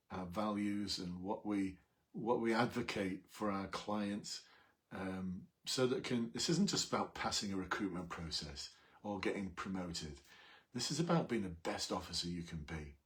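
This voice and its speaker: A middle-aged man, telling a police story in an animated, emphatic way on a live video. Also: fairly low pitch. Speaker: police recruitment coach, former officer.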